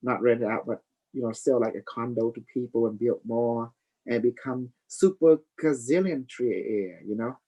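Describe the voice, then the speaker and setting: A man's voice: medium pitch, moderate pace, warm tone, breathy edge, low-quality recording. A man hosting a live stream, rambling loosely and preaching, dropping "you know" and calling people honey. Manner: affectionate, calls listeners honey. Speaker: livestream host.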